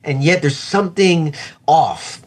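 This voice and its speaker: A middle-aged man, a pastor, talking reflectively and earnestly about faith in an interview, slowing down to stress his points. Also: on the high side.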